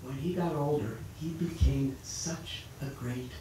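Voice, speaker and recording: A man, a monk giving a storytelling sermon, who narrates in an animated way and acts out the voices of his characters. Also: mid-range voice, unhurried. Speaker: monk lecturer. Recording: echoey hall, far mic, noisy.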